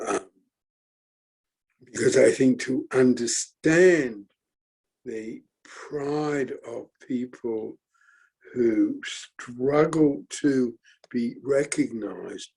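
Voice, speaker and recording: A middle-aged man with a gravelly, husky voice gives a reflective forum talk. He speaks slowly and haltingly, pausing for fillers and restarting his sentences as he works through his thoughts. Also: mid-range voice, mellow, low-quality recording. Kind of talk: reflective talk, thinking aloud.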